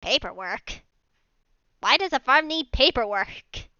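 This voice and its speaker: A woman's voice: high-pitched, animated, takes it slowly, pushed and bright, clear, resonant tone, no room sound, highs cut off. A woman playing a tabletop role-play game, narrating her character's actions in a rambling way. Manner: rambling, many fillers and restarts in narration. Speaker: player.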